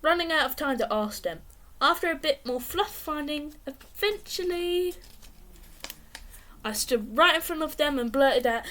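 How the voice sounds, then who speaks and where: A woman reading a children's storybook aloud in a lively, expressive way. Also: sits high, measured pace. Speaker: reader.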